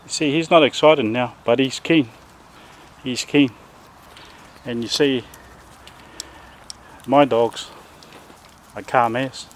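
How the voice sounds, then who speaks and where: A man with a New Zealand accent, a dog trainer chatting casually outdoors with his dogs and now and then calling loudly to one of them. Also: medium pitch, slow, pauses often, a little hiss or hum. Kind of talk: casual outdoor vlog talk.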